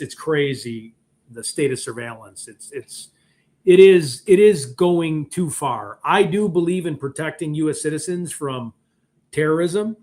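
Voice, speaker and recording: A middle-aged man with a Chicago accent, rambling and joking in a casual livestream chat as host. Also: fairly high pitch. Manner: rambling, animated, joking asides. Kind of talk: casual live-stream chat.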